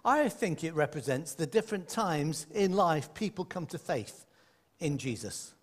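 A man delivers a sermon in a high, animated voice that rises and falls constantly. He talks to his congregation in a conversational way and drops in playful asides. His voice rings with a long reverb in a large hall. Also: a little slow. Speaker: preacher. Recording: echoey hall.

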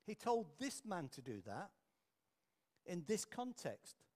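A man's voice: high-pitched, sing-song, slow pace. Earnest storytelling male preacher. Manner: anecdotal, earnest, drops quiet for emphasis. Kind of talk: storytelling sermon.

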